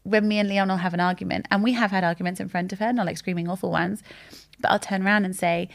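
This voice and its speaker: Gravelly-voiced woman in her thirties. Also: medium pitch, quick pace. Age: 30s. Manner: open, animated storytelling with quoted voices. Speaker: podcast guest. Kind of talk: candid conversational chat.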